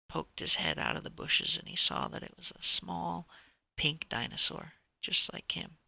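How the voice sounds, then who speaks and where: Gravelly, animated male storyteller. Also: fairly high pitch, normal speed, dry recording. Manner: animated, drops to whispers, restarts sentences. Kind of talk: improvised bedtime story reading.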